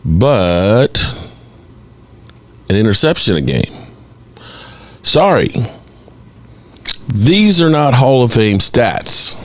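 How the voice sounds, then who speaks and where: A man's voice: mid-range voice, very slow, long pauses, no room sound. A man hosting a sports podcast, giving opinionated, exasperated commentary and pushing back at critics. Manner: animated, exasperated, mocks critics in exaggerated voices.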